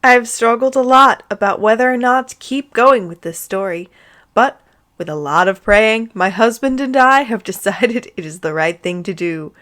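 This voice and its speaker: A woman's voice: on the high side, normal speed, a bit bright. A woman reading fan fiction aloud as a comedic dramatic reading, with amused, sarcastic asides.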